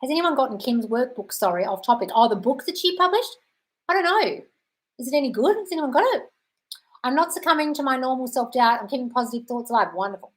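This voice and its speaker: Her voice is high and lively here, and she talks fast as she reads out viewers' questions on her stream. The Australian host chats through her answers, cursing liberally and addressing viewers as darling.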